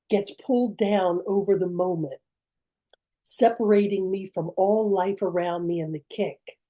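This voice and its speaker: A woman tells a true story from her own life before an audience of adults. Her voice is mellow and warm, and she paces the telling with measured, dramatic pauses. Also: lowish voice, rough recording. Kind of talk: personal storytelling performance.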